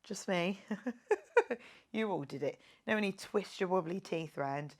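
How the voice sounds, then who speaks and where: A woman fitness instructor with a medium-pitched, animated voice leads a guided workout class at an unhurried pace. She's playful and jokey, counting reps aloud and cheering her viewers on.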